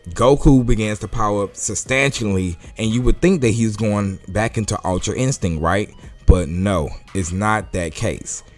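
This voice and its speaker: A man with a low voice walks through a comic chapter in a relaxed, talkative way. He laughs often and corrects himself as he goes. Faint music plays behind him. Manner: casual, chatty, laughs often. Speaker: manga reviewer. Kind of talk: casual chat.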